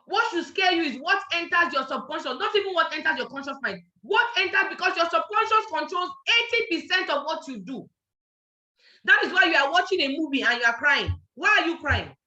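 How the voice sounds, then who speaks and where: A woman's voice: extremely high pitch, expressive, brisk, sharp tone. A Nigerian woman giving a motivational network marketing training, emphatic and repeating her points as she checks that listeners are following. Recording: echoey, dull lo-fi sound.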